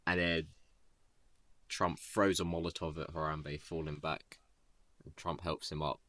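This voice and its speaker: A man with a very low voice that still comes through bright and forceful spins a loose, rambling story. He talks in a casual, laid-back way, full of "like" and "you know." The sound is dry and close. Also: flat delivery, a little slow, dry recording. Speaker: storyteller improvising a tale.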